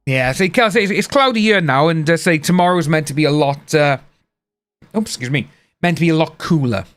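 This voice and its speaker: A man's voice: fairly high pitch, expressive, a little fast, a bit bright. Chatty man streaming live. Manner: rambling, chatty, reads out chat names. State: hiccups. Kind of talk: casual live-stream chat. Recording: faint music behind.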